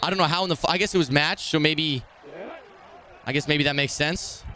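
A young man streaming a football video game, commenting live, swearing and swinging between muttered complaints and shouted reactions. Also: on the high side, brisk, slight background noise. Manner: profane trash talk.

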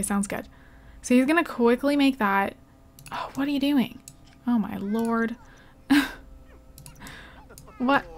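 A young woman giving casual let's play commentary as a gaming channel host, excitable and exclaiming often as she talks to her game characters. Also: on the high side.

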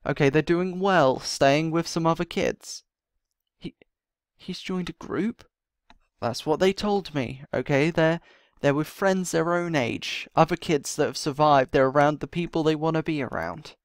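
In a game role-play, a series host voices his character, muttering to himself with sighs before pleading urgently and sounding out of breath. His voice is fairly high-pitched, clear and resonant at a normal pace, captured in a dry, studio-quality recording.

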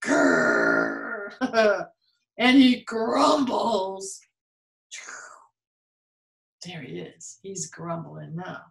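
Woman reading a kids picture book, slow and lively, bouncy voice, echoey room. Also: mid-range voice, vocal fry. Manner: playful, animated, laughs often. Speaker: children's museum storytime reader.

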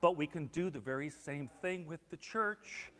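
A man preaching a sermon as pastor, telling stories with acted-out quotes and swinging between hushed and loud. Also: on the high side, moderate pace, long reverb tail. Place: church sanctuary.

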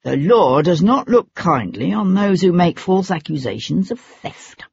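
A narrator voicing an anxious, fussy male magistrate with a high, strained voice, on a dull lo-fi recording. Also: sing-song, a little slow, vocal fry, a little mellow, slight background noise. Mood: insistent.

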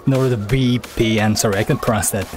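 A man chatting casually on a livestream, halting and repeating words as he teases his chat playfully. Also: medium pitch, noisy background. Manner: playful teasing.

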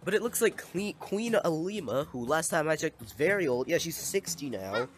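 A man's voice: a little high, big pitch swings, moderate pace. A young man giving casual, playful gameplay commentary, exclaiming at and scolding the little villagers in his game.

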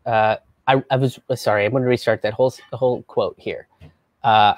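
A young man hosting a live stream as a comedian, talking in a casual, animated, profane way and slipping into mocking voices. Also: fairly high pitch, moderate pace, no echo. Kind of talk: casual livestream commentary.

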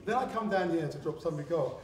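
Inside an art gallery, an English man talks quickly in a fairly high, darkish voice, swearing, laughing and wandering between stories. The recording is distant and very echoey, with faint background noise.

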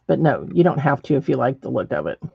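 A woman's voice: a bass voice, very animated, quick pace, vocal fry, slightly rough, no echo, dull audio. A middle-aged woman demonstrating ceramic painting in a chatty way, thinking aloud as she works. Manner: chatty, thinks aloud while working, many ums.

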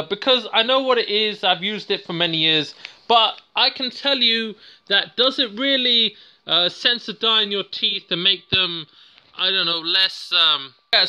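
A man's voice: sits high, pushed and bright, clean tone. A man with a British accent giving a casual, unscripted product review, rambling and joking at his own expense. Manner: rambling, jokey and self-mocking.

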